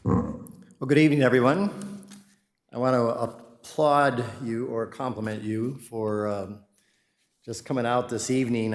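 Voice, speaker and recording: A man's voice: mid-range voice, darkish tone. A man giving a friendly, rambling presentation to residents at a city meeting, with many fillers and restarts. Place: city council chamber. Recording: echoey meeting room.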